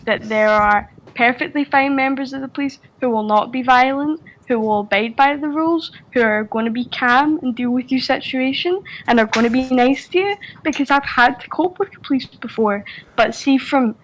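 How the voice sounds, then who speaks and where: A woman's voice: high-pitched, moderate pace, rough recording. A woman with a Scottish accent chatting casually on a group voice call, rambling with lots of fillers, restarts and swearing. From Scotland. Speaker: Discord server member.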